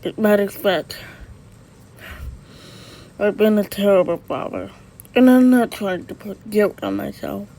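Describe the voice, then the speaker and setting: A performer voicing a remorseful father who apologizes to his son, speaking in a halting, earnest, pleading way. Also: medium pitch, gravelly, dark tone, poor audio. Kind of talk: amateur dramatic dialogue.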